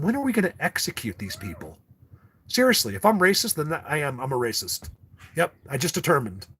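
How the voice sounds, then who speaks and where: A man's voice: mid-range voice, fairly bright tone, breathy edge. A man hosting a casual livestream, rambling and ranting to his viewers with frequent restarts. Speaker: livestream host.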